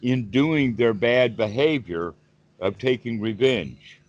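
A man giving a calm, explanatory Buddhist talk on a group call, often repeating words as he thinks. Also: mid-range voice, takes it slowly, dry recording, muffled recording. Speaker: Buddhist teacher. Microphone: video call.

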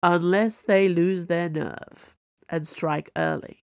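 Woman reading aloof male swordsman, flat and firm, low gravelly tone, dull dry lo-fi audio. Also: slow pace, dry recording.

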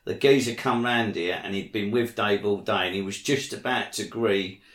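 A man's voice: lowish voice, moderate pace, a bit bright, echoey room. A man chiming in to a casual chat with his own anecdote.

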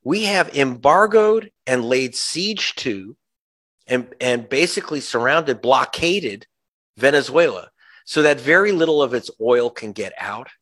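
A man's voice: medium pitch, expressive, measured pace, a bit bright. A male journalist, a guest in an interview, giving passionate political commentary, sarcastic, with frequent restarts. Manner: impassioned, sarcastic, many restarts.

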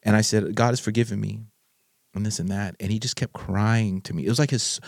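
A man hosting a podcast, telling a frank personal story in an animated way and laughing easily. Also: lowish voice, brisk, gravelly, no echo, studio quality.

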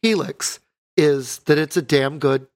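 A man co-hosting a podcast, rambling casually about guitars and PA gear, correcting himself and often clearing his throat. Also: on the high side, measured pace. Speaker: podcast co-host, band guitarist.

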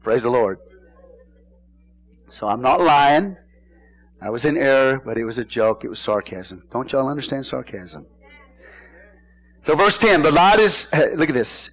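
A man's voice: a little high, very animated, measured pace, pauses often, a bit bright, low-quality recording. A man preaching a sermon in church, folksy and joking, often asking the congregation questions. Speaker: pastor.

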